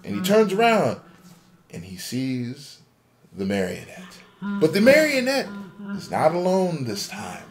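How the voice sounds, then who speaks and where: A man's voice: a little high, huge pitch swings, measured pace. A man casually retelling a game theory as a story, acting out a panicked character's inner voice. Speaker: podcast co-host. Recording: amateur podcast recording.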